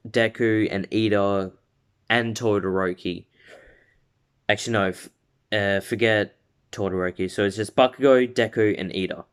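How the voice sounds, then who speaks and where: A man's voice: lowish voice, clean tone. A man casually retelling a fan story, rambling with fillers, stumbles and laughs.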